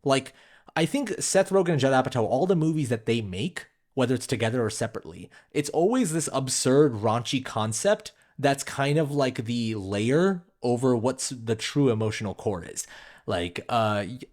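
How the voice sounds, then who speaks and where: A man's voice: medium pitch, moderate pace. A man co-hosting a podcast, talking casually about a film and leaning on "like" and "you know" as he goes. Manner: animated, full of "like" and "you know". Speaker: podcast co-host.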